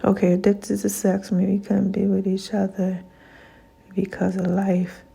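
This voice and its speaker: A woman hosting her own podcast, telling a personal story in a chatty, animated way, acting out both sides of old conversations and calling her listeners baby and child. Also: mid-range voice, a little slow, vocal fry, slightly rough. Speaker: podcast host. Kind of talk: casual storytelling monologue.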